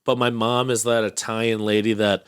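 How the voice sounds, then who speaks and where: A young man in casual podcast chat, telling stories in an animated way with plenty of swearing. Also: lowish voice, normal speed, clean tone, no echo, studio quality. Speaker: podcast co-host.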